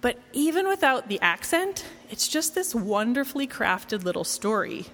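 A woman's voice: on the high side, sing-song, normal speed, few pauses, fairly bright tone, in a large hall. A woman preaching a sermon in a conversational, wry, self-deprecating way. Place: church.

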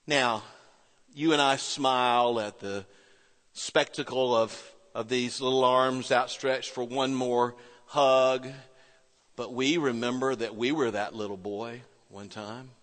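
A middle-aged man preaching a sermon, telling a story with pauses and soft quoted voices. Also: medium pitch, fairly even intonation. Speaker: pastor. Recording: reverberant church hall.

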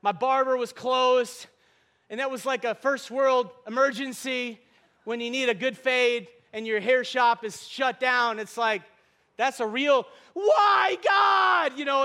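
A man preaching a sermon, impassioned and often shouting, mixing in humor and personal stories. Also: very high-pitched, fairly even intonation, measured pace.

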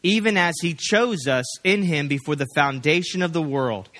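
A pastor preaching a sermon in a folksy, rambling storytelling way, full of fillers and restarts. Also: male voice, a little high, normal speed, a bit bright.

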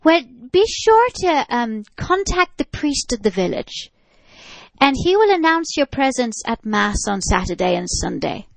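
A woman's voice: high-pitched, sing-song, unhurried, gravelly, no room sound, voice pushed up, exaggerated voice, low-quality recording. A woman voicing a helpful Irish council woman with an Irish accent, giving matter-of-fact instructions. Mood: instructive.

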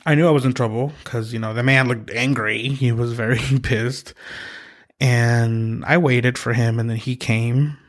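A man from Mexico hosting a podcast, telling a personal story in a halting, reflective way with many pauses and restarts. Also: mid-range voice, fairly even intonation. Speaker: podcast host.

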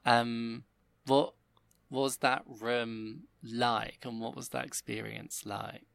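A man interviewing a guest in easy conversation, his voice low and gravelly with fry. He sounds eager and friendly, recorded close and dry. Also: flat delivery, slow, fairly bright tone, no echo. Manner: enthusiastic, asks chatty questions.

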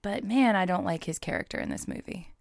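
A woman's voice: medium pitch, brisk, creaky, no echo, studio quality. A woman co-hosting a podcast, chatting casually about a movie and rattling off an actor's credits. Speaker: podcast co-host.

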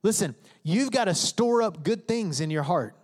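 A man with a high, bright voice preaches from the stage, his words ringing through a reverberant sanctuary. He talks emphatically and conversationally, slipping into the voices and prayers of his congregation. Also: lively intonation, normal speed. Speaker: pastor. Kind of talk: sermon. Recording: reverberant hall.

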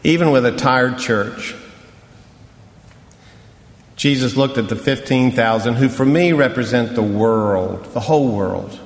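A man's voice: medium pitch, unhurried, gravelly, pauses often, big-room sound. A man preaching a sermon as a pastor, in a conversational, wry storytelling manner. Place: church sanctuary.

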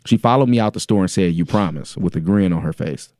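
A man in his forties, a podcast host reading a listener's letter aloud in casual chat with a deadpan, joking delivery. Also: low voice, fast talker, no room sound, clean studio sound. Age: 40s.

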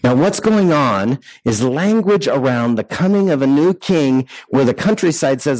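A man's voice: mid-range voice, animated, moderate pace, few pauses, darkish tone, dry recording, rough recording. A man preaching a sermon in a conversational way, full of rhetorical questions and restarts. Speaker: pastor.

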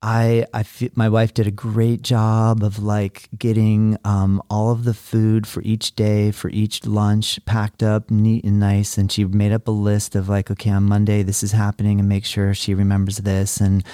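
Low, mellow middle-aged male host. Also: completely flat delivery, normal speed, few pauses, clear, resonant tone, dry recording, studio quality. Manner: rambling, earnest, many fillers and restarts, shifting pace. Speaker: podcast host. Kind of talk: casual interview chat.

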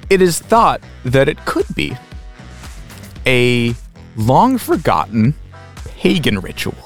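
A man's voice: mid-range voice, wildly swooping pitch, slow, faint music behind. A man co-hosting a comedy podcast, swearing freely and laughing mid-sentence in casual chat. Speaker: podcast co-host.

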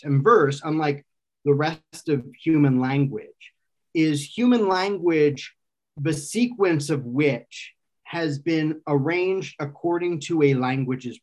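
A man explaining an idea in casual conversation, thinking aloud and often restarting and correcting himself. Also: fairly high pitch. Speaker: guest expert explaining philosophy.

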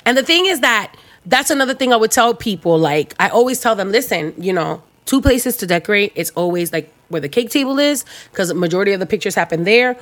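A woman hosting a casual chat, telling stories with animated energy and acting out quotes with frequent laughter. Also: mid-range voice, brisk. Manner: animated, laughing storyteller who acts out quotes. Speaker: host.

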